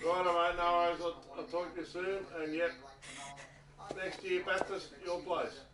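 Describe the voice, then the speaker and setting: A man's voice: high-pitched, a little slow, a crowd in the background. A man chatting and swearing on the phone and telling a story off-mic, picked up from across the room. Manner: chatty, laughs, swears, animated when retelling. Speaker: family member on the phone in the background. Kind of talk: casual phone chat and storytelling. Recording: distant echoey room pickup with loud noise.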